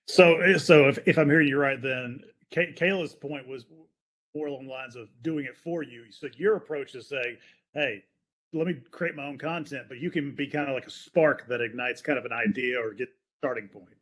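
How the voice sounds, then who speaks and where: A man's voice: mid-range voice, moderate pace, fairly bright tone. A man hosting a podcast who asks questions and jokes in a friendly, loose way. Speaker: podcast host. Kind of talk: casual podcast conversation.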